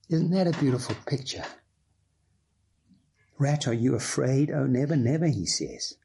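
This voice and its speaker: A man preaching a sermon, earnest and reverent, reading a story passage aloud and sometimes dropping to a hushed whisper. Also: mid-range voice, husky. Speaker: pastor.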